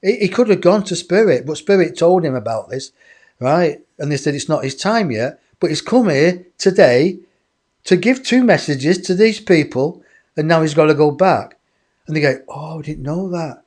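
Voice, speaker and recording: Animated man telling a story. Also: a little high, moderate pace. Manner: animated, acts out others' voices. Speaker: interview guest. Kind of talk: personal storytelling in conversation.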